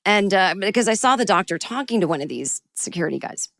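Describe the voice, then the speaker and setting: A woman hosting a solo podcast, telling a personal story in a wry, self-deprecating and animated way. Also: mid-range voice, fast, creaky, hardly any pauses, no room sound, studio quality. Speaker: podcast host and comedian.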